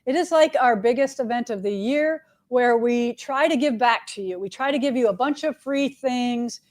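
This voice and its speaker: A woman's voice: on the high side, moderate pace, darkish tone. Chatty, upbeat woman shop host. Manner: chatty and upbeat, lots of "all right" and "right?". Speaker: quilt shop owner hosting a live show. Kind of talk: casual live-stream chat with announcements.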